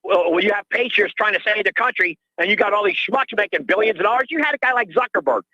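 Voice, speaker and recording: An older man calls in to a radio show and rants in agitation, repeating himself. His high-pitched voice moves at a quick pace and comes through dull lo-fi call audio with no echo.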